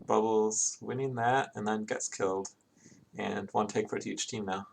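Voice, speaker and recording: A man's voice: fairly low pitch, steady tone, measured pace, gravelly, a little hiss or hum. A man doing live play-by-play commentary on an online game, chatting casually between plays. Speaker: esports commentator.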